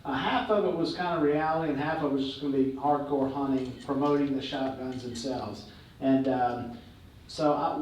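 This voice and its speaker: A man, a guest speaker, telling stories to a live audience in a relaxed way with many fillers. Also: medium pitch. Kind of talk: on-stage storytelling. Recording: echoey hall, heard from a distance, faint noise.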